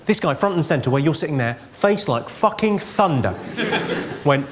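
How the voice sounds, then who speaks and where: Deadpan stand-up man in a theatre. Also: on the high side. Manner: deadpan, quick one-liners. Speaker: stand-up comedian. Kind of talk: stand-up comedy. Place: large theatre stage. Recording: live theatre with long reverb and loud noise.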